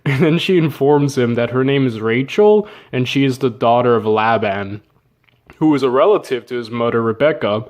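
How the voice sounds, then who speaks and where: A man's voice: mid-range voice, moderate pace, darkish tone. A man casually retelling an old story with jokes, slang and asides. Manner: joking, slangy, with fillers and laughs. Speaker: narrator.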